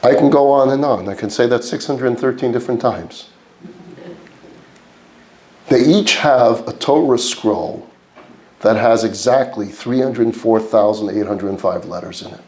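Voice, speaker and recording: A man's voice: mid-range voice, unhurried, a little mellow. A man with a New York accent, teaching a class as a rabbi. He asks the room rhetorical questions, answers them himself, and builds his points through repeated lists. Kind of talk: lecture to a live class.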